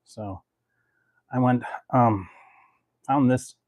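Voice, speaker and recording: A man's voice: mid-range voice, extremely slow, darkish tone, no room sound. A man chatting casually to his viewers as a food review vlogger, rambling with lots of fillers and laughing often between phrases. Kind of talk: casual chat to camera.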